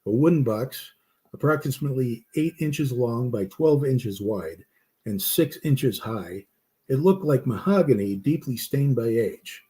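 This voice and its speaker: A man narrating a campfire story in a steady way, with small slips and restarts. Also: mid-range voice, unhurried.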